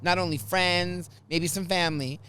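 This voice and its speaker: A man hosting a podcast in casual chat, an animated storyteller who acts out quotes loudly. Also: high-pitched, moderate pace, a little hiss or hum. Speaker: podcast host.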